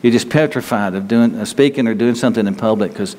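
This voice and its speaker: A man preaching a sermon in a conversational, halting way, often restarting his sentences. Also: on the low side, fairly even intonation, darkish tone, in a large hall, a little hiss or hum.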